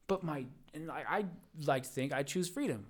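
A man's voice: on the high side, animated, moderate pace. A young man telling a rambling dream story on a podcast, full of fillers and acted-out quotes. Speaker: podcast guest. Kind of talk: casual chat.

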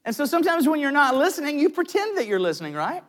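A man with a notably high voice preaches to his congregation. He is in middle age and tells personal stories in an animated way, full of quick asides and restarts. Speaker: pastor.

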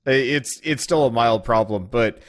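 A man's voice: medium pitch, normal speed. A young man chatting casually on a podcast, often hesitant and trailing off with fillers as he talks about games. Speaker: podcast guest, video game streamer.

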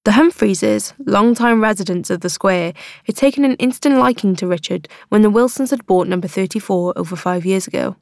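A female audiobook narrator reading a family drama. Her delivery is measured and even, at a middle pitch. The recording is dry and close, with no room sound. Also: no room sound. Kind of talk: scripted narration.

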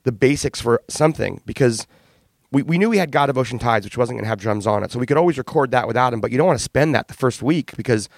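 A man, a band's frontman, telling candid, animated studio stories in a casual interview, with swearing and laughs. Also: mid-range voice, quick pace, creaky, dry recording. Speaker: band frontman and singer.

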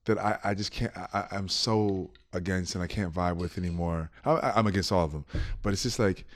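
Low-voiced, animated man in his thirties. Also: fairly quick. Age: 30s. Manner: animated storyteller, laughs often, acts out quotes. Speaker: podcast guest, actor. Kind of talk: casual chat.

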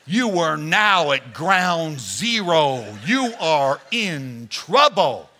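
A man's voice: fairly high pitch, sharp tone. A male pastor preaching a sermon, addressing the congregation directly in a playful coaching manner.

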